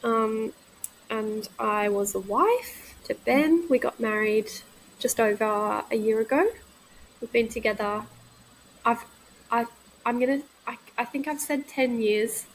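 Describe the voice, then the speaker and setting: A woman's voice: on the high side, slight background noise, low-quality recording. Candid, reflective woman in casual talk. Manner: candid, reflective, halting with restarts. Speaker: guest, midwife. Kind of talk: casual podcast conversation.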